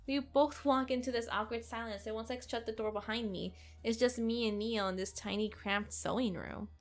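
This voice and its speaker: A woman hosting a let's play, reading a visual novel aloud in an expressive, sarcastic way. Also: a little high, moderate pace, soft background music. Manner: expressive, sarcastic, occasional giggles.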